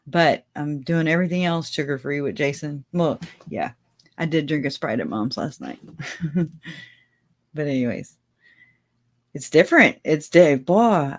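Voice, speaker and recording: Slow, rambling woman livestream host. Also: low-pitched. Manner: rambling and chatty, often laughing; speaks to viewers directly. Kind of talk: casual livestream chat.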